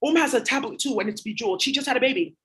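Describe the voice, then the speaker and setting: A woman's voice: on the high side, lively intonation, rapid-fire, fairly bright tone, rough recording. Profane, rambling woman ranting to camera. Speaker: spiritual reader and channel host. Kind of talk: casual rant to camera.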